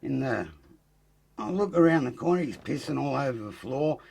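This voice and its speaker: A man with an Australian accent, a podcast guest telling an animated story full of swearing and acted-out quotes. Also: mid-range voice, moderate pace, gravelly, slightly rough. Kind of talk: casual storytelling.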